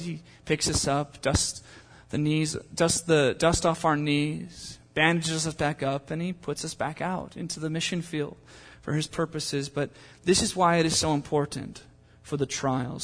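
A man's voice: on the high side, big-room sound. A man preaching a sermon in a conversational way, building to impassioned pleas. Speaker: pastor.

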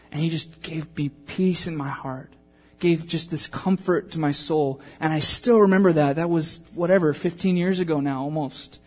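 A man's voice: fairly high pitch, normal speed, hardly any pauses. A man in his thirties preaching a sermon, telling a personal story and acting out the voices in it. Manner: animated storytelling, acting out quotes. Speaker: pastor.

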